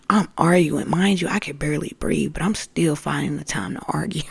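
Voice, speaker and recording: A spiritual podcast host telling a story in a casual monologue, calling listeners "family" and swinging between loud outbursts and hushed whispers. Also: mid-range voice, moderate pace, gravelly, few pauses, slightly rough, no echo. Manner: addresses listeners as family, streetwise slang.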